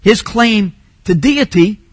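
A man preaching a sermon as a pastor, teaching Bible points and rising to emphatic shouts on key phrases. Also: sits high, animated, slow, slightly rough, dry recording.

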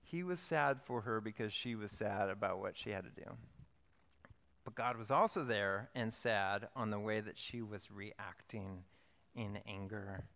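Guy preaching in a church, smooth clear voice, big echoey hall, jokey but sincere. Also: lowish voice, a little slow. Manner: storytelling, playful and earnest with lively emphasis. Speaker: pastor. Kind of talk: sermon. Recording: long hall reverb.

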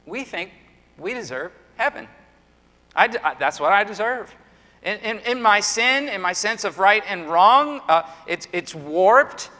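Bright and forceful, a middle-aged male pastor's high voice drives an earnest sermon built on emphatic rhetorical questions. Long hall reverb surrounds him.

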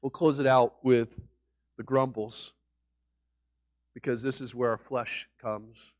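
A man preaching a sermon as pastor, emphatic, with sudden loud peaks on key words. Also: medium pitch, fairly even intonation, slow pace, dry recording. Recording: dull lo-fi recording.

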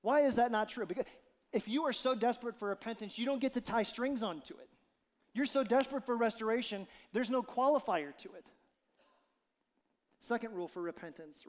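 A male pastor delivers a sermon with a lively, joking manner, slipping into little acted-out quotes. His voice sits high for a man. The sound carries a long reverb from a large church hall. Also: normal speed. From Ohio. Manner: animated, jokey, acts out quotes.

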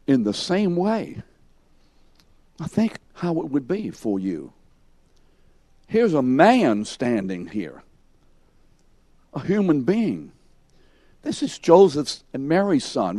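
Male Bible teacher, slow and mellow, emphatic, quizzes the class, dry close sound. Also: mid-range voice, no echo. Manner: questions the class and calls on students by name; emphatic, acts out scenes in second person.

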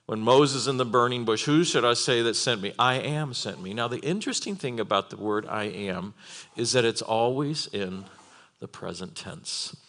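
A man preaching a sermon in a church, animated, with laughing asides and acted-out quotes. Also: medium pitch.

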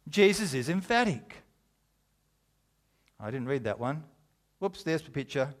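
A man's voice: fairly high pitch, very animated, unhurried, pauses often. A middle-aged man preaching a sermon, conversational and jokey but driving home his points with emphasis. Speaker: pastor.

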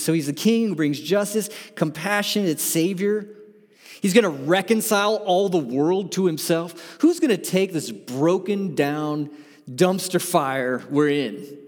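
Male pastor, slightly high voice, dynamic preaching, long hall reverb. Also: animated, unhurried. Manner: dynamic preaching, swinging from loud to soft whispers. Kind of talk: sermon.

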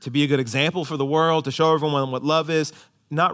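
Guy preaching, fairly high voice, drops way down soft then shouts up high. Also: steady tone, quick pace. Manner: swings from hushed low emphasis to loud high exhortation. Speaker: pastor. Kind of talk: sermon.

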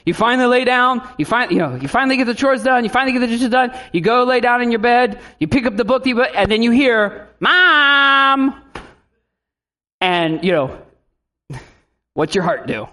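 A man preaching a sermon as a pastor, in a lively style with animated asides. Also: very high-pitched, fast talker, few pauses.

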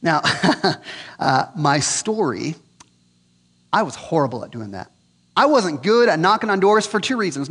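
Man in his 40s, conversational preacher with a high voice, joking and earnest, echoey hall. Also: a bit bright. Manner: earnest, joking, frequent restarts. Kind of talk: conversational sermon.

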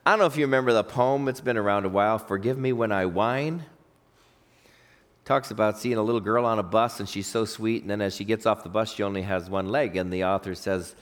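A man preaching a sermon as pastor, telling stories and acting out quoted voices with big swings in pitch. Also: brisk.

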